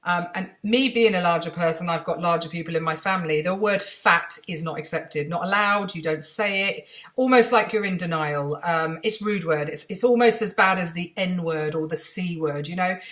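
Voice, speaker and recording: A woman's voice: lowish voice, normal speed, fairly bright tone. A middle-aged English woman vlogging from home, telling anecdotes in a chatty, self-mocking way and acting out the voices of people she met. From England. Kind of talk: casual storytelling to camera. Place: room at home.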